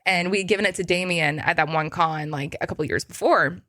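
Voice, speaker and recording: A woman's voice: lowish voice, brisk, bright, forceful tone, no echo, clean studio sound. A woman guest on a podcast, telling stories in casual chat with lots of filler words and frequent laughter.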